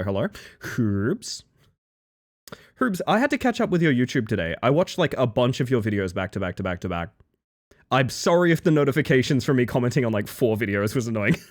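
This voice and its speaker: A man streaming live, chatting casually and greeting his chat one by one with playful, jokey asides. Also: medium pitch.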